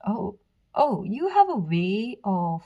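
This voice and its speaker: A woman giving a pick-a-card tarot reading, speaking softly and earnestly to the viewer, with fillers, restarts and brief whispers. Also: mid-range voice, very animated, slow, dull audio. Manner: soft, earnest, direct address with fillers and self-corrections. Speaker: tarot reader.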